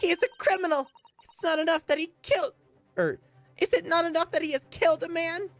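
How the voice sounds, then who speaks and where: A man doing a shrill, hysterical young woman. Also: steady tone, fairly quick, fairly bright tone, soft background music. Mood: accusing. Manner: shrill, melodramatic outbursts.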